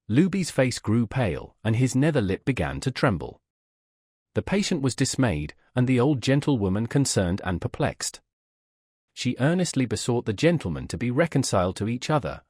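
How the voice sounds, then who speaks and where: A man reading a classic novel aloud in an expressive, theatrical style, with a pitch that rises and falls in lively arcs. The recording is dry and close, with no room around the voice. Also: no echo. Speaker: audiobook narrator. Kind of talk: scripted narration of a classic novel.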